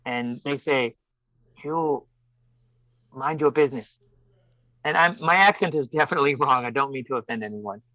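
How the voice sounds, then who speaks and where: A man telling a personal story as a podcast guest, animated and acting out voices. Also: medium pitch, fast talker, few pauses, dry recording. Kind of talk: casual storytelling. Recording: dull dry lo-fi sound.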